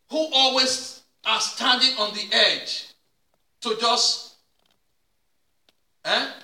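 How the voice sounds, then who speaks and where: A male pastor preaching a sermon with repeated call-and-response questions, sometimes rising to a shout. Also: very high voice. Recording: echoey room, mic at a distance.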